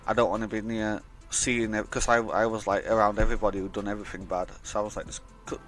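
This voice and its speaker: Low-voiced young man rambling a story. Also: flat delivery, fast talker, a bit bright, faint music behind. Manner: rambling, swears a lot, acts out quoted dialogue. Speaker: vlogger. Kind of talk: casual storytime monologue.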